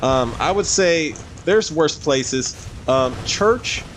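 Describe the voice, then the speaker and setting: While streaming a game, this man reads viewer comments in a casual, rambling livestream chat, filling it with fillers and frequent laughs. His fairly high-pitched voice is animated, and he takes it slowly.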